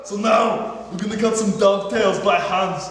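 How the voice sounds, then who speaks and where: A man's voice: high voice, steady tone, normal speed, fairly bright tone. A man teaching woodworking by hand in a workshop, demonstrating step by step with playful, mock-macho humor. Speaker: woodworking instructor. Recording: echoey hall with background noise.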